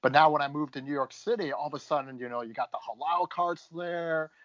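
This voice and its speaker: A man's voice: a little high, brisk, fairly bright tone, no room sound. A young adult man on a podcast, casually telling a rambling story and tagging his lines with "right?". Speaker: podcast co-host. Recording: dull lo-fi sound.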